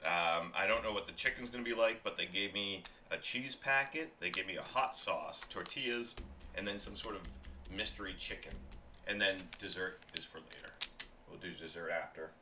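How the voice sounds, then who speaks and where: Man, low voice, rambling casual chat, talking with mouth full, noisy room with clicks and wrapper crinkles. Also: normal speed. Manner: rambling, chatty, talks while chewing. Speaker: food reviewer. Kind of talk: casual food-tasting stream chat.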